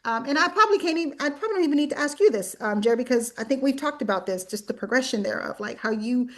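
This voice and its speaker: A woman host leads a relaxed talk-series conversation. She rambles toward her questions, backtracks and corrects herself, and laughs easily along the way. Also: sits high, very fast. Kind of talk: casual conversational interview.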